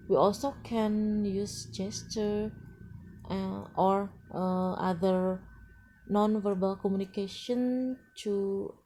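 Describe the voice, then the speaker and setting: Slow, hesitant woman teaching pronunciation. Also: medium pitch, dark tone, slight background noise. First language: Indonesian. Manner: slow and hesitant, frequent uh fillers and restarts. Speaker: English teacher. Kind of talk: lecture presentation.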